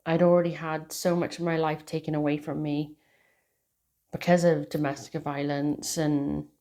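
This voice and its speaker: A woman's voice: low-pitched, flat delivery, moderate pace, mellow. A middle-aged woman with a British accent, a tarot reader sharing a heartfelt message with her viewers, talking earnestly and hesitantly with many fillers. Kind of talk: casual spiritual message to viewers.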